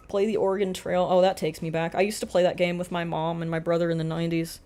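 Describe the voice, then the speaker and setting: A woman in her thirties chats casually with her live-stream viewers in a slightly low voice. She swears freely and now and then jumps into loud, excited greetings. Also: fast talker, hardly any pauses.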